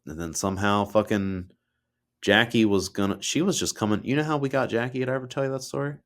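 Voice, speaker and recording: A man's voice: on the low side, quick pace. A man co-hosting a podcast, telling personal stories in a loose, heartfelt way and swearing freely. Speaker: podcast co-host. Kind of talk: casual chat.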